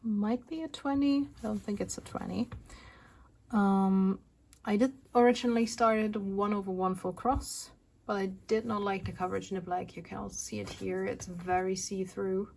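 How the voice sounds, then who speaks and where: A woman's voice: mid-range voice, steady tone, moderate pace, creaky, a little mellow. A woman hosting a casual needlework vlog, chatting in a rambling way with restarts and asides, and sounding out of breath. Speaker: flosstube host. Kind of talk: casual show-and-tell vlog.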